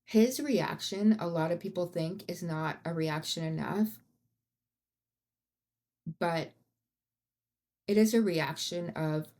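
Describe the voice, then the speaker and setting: Gravelly-voiced woman, blunt and profane. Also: fairly low pitch, takes it slowly, long pauses, darkish tone. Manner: profane, blunt and chatty, with rising outbursts. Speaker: podcast host. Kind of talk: casual true-crime storytelling.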